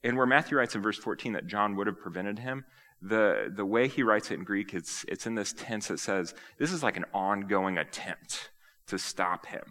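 A man preaching a sermon, acting out quoted lines with animated energy. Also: fairly low pitch, normal speed. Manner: animated, acts out quoted speech. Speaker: pastor.

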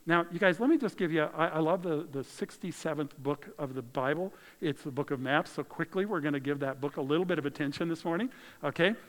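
A male pastor delivers a lively sermon in a slightly higher voice than most men. He drops to near-whispers and then rises for emphasis, and a long reverb from a large hall trails his words. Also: brisk. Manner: animated, conversational preaching with dramatic shifts in volume.

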